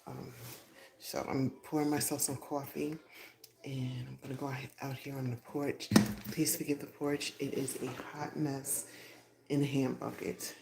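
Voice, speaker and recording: A woman's voice: very deep voice, level tone, measured pace, creaky. A woman hosting a casual live stream from home, chatting in a rambling, half-whispered way as she walks out to her porch. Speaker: podcast host. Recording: echoey, noisy phone livestream.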